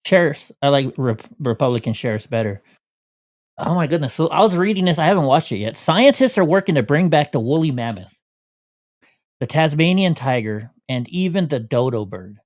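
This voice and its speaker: A man's voice: a little high, lively intonation, moderate pace. A man hosting a casual commentary vlog, sarcastic and grumbling, out of breath from walking. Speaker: vlogger.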